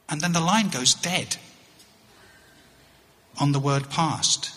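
A middle-aged English man telling a wry story on stage as a touring comedian, halting and often repeating his words. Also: a little high, pushed and bright. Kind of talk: storytelling stand-up. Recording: echoey hall.

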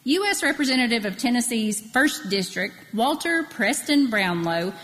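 A woman's voice: fairly high pitch, big pitch swings, moderate pace, a bit bright, big-room sound, low-quality recording. A woman presenting a scripted local history segment on a radio program.

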